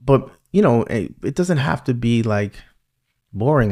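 A middle-aged man with a New York accent hosting a casual podcast interview, telling stories in a lively way and often asking "you know what I mean". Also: medium pitch, a little slow, creaky. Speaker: podcast host.

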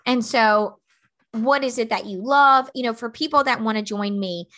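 A woman's voice: on the high side, normal speed, a bit bright. A woman in her thirties hosting a motivational podcast, talking bluntly and emphatically with lots of fillers. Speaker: podcast host.

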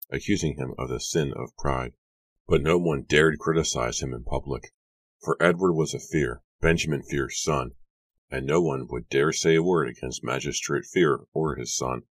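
A man narrating a horror audiobook in a hushed, suspenseful storytelling manner. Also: rumbling low, moderate pace, dry recording.

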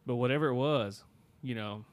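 A man co-hosts a casual podcast and tells a spooky hunting tale. He rambles, restarts his sentences and leans on "you know" often. His voice sits at an ordinary middle pitch for a man. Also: normal speed. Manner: rambling, many fillers and restarts. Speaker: podcast co-host. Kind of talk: casual storytelling.

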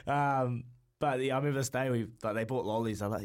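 Laughing Kiwi bloke, all mates and bros. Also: male voice, medium pitch, fairly even intonation, fast talker. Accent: New Zealand. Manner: jokey and laughing, calls everyone mate and bro. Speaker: radio co-host. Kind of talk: casual studio banter.

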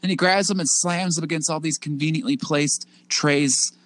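A man talking casually on a podcast, his voice a touch high as he rambles through a recap. He drifts off mid-sentence and laughs at his own asides. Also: steady tone, moderate pace, fairly bright tone. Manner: rambling, laughing, acts out quotes. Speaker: podcast co-host. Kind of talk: casual chat recapping wrestling.

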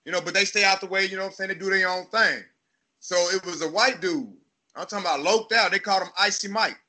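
Texas guy in his 30s, high and super bright voice, cussing a lot, tells stories animated and loose. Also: fast talker. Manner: profane, animated storytelling, acts out voices. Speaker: podcast host. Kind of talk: casual storytelling chat.

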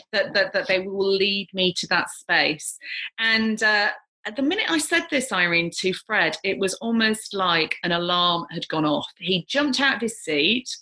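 A middle-aged woman, a psychic medium, telling a story with animated energy, gasping and acting out the voices of the people in it. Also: mid-range voice. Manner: lively, gasping, acts out quoted voices.

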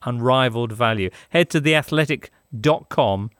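A man's voice: mid-range voice, moderate pace, fairly bright tone, no room sound, clean studio sound. A man hosting a podcast, reading ads in a jokey, playful way. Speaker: podcast host. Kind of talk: casual podcast chat and ad read.

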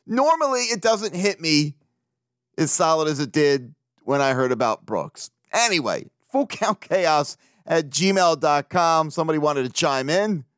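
A man rambles through his solo sports podcast, swearing freely and laughing as he goes. His voice sits a little high for a man and the sound is dry and close. He talks loosely and animatedly. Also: no room sound. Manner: profane, animated, laughs often. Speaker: podcast host. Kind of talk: casual solo podcast talk.

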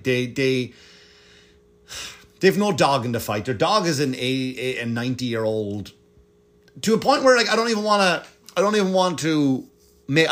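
A man's voice: medium pitch, a bit bright. A male comedian ranting in a casual monologue, rambling and swearing with many restarts. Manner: rambling, profane, lots of restarts and fillers.

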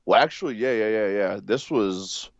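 A man's voice: lowish voice, normal speed, no room sound, highs cut off. Congested man swearing in casual chat. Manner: laid-back, swears a lot. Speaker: podcast co-host.

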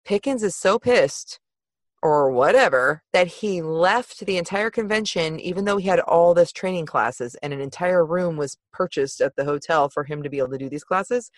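A woman hosting a podcast in casual chat, gossipy and animated in telling stories. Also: lowish voice, normal speed, no room sound. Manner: chatty, gossipy storyteller, laughs often. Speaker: podcast host.

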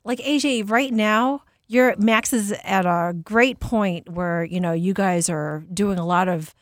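A woman in her forties co-hosting a casual podcast, friendly and quick to laugh. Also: medium pitch, no room sound, studio quality.

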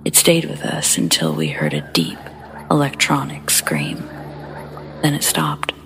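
A woman hosting a horror story show, reading first-person accounts in a hushed, breathy whisper with a slow, measured delivery. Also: extremely low pitch, sing-song, music in the background. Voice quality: breathy whisper with gravelly fry. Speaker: horror story narrator and host.

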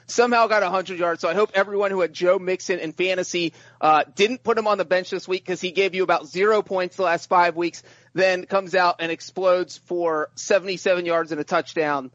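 A man with a high, light voice chatting about football on a podcast panel. He talks excitedly and trips over the first words of his sentences. The sound is dry and slightly muffled. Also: no room sound. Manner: excitable, repeats words when starting sentences. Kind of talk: casual sports chat.

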